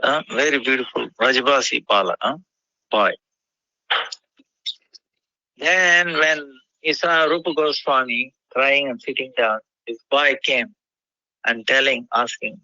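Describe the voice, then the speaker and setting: A man telling a devotional story in a halting way, often pausing with "you know". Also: medium pitch, bright, forceful tone, no echo, muffled recording.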